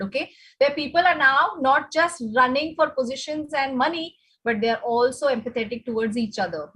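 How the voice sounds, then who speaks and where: A woman's voice: sits high, fairly bright tone, poor audio. A woman with an Indian English accent giving a conversational classroom lecture, often checking in with "okay?". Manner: conversational, asks the audience, frequent "okay?".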